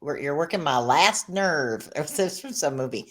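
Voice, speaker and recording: A woman's voice: deep voice, expressive, moderate pace, crowd noise. A woman hosting an interview show, telling stories animatedly and reacting with enthusiasm. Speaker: podcast host. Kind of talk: interview conversation.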